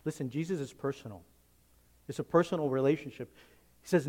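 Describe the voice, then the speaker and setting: Emphatic preaching man, fairly high voice. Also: a little fast, breathy edge. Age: adult, teenage years long past. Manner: emphatic, swings from hushed to loud and excited. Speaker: pastor. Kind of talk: sermon.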